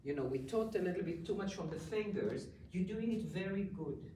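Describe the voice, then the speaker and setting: A woman's voice: fairly low pitch, expressive, a little fast, a little hiss or hum. A woman coaching a student at the piano, guiding him step by step and repeating short words of praise. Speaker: piano teacher. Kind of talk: hands-on music coaching. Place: room with a piano. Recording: roomy, distant mic, loud piano.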